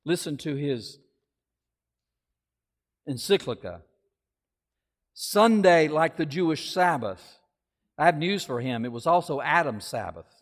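A man preaching a sermon in a conversational way, with asides and quick self-corrections. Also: fairly high pitch, lively intonation, long reverb tail.

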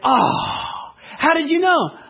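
A man's voice: very high voice, sing-song, slow, lo-fi sound, pitched above the performer's own voice, exaggerated voice. A man voicing a sheepish husband amazed that his wife got the gadget working.

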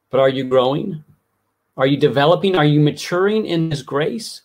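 A man's voice: on the high side, moderate pace. A middle-aged man preaching a sermon, telling a personal story with heartfelt earnestness that builds into impassioned pleading.

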